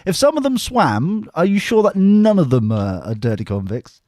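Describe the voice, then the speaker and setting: A man's voice: high voice, sing-song, normal speed, a little mellow, no room sound, clean studio sound. A man co-hosting a casual podcast, teasing his guest and laughing often. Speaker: podcast co-host. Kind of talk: casual banter.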